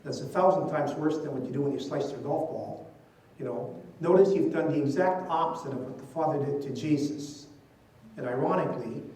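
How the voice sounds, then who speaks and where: Older priest preaching in an echoey hall. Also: male voice, fairly high pitch, dark tone. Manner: conversational, storytelling, frequent "you know" asides. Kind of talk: conference talk with stories. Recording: distant mic in an echoey hall.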